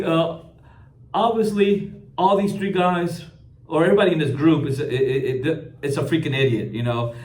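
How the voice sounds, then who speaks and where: Brief: male video commentator, slightly high voice, stumbling restarts, casual delivery. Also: roomy sound. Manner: halting, with frequent restarts and repeated words.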